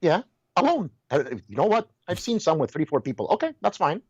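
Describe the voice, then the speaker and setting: Husky-voiced man, animated and emphatic. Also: sits high, fairly quick, dry recording, lo-fi sound. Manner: animated storyteller, repeats and restarts words, exclaims. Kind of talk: heated casual conversation.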